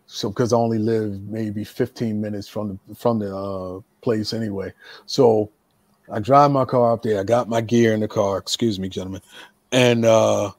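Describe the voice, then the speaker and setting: A man's voice: lowish voice, steady tone, moderate pace, darkish tone, no echo. A middle-aged man telling a long casual story to friends, repeating words and stumbling through his sentences. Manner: rambling, repeats words, laughs while telling. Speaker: podcast host and storyteller.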